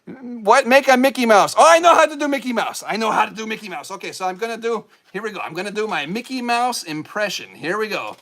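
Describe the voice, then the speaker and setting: A goofy skeleton puppet host, played by a man, speaks in a very high voice. He rambles and cracks self-mocking jokes while reading out viewers' comments on a live stream. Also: expressive, quick pace, hardly any pauses, a bit bright.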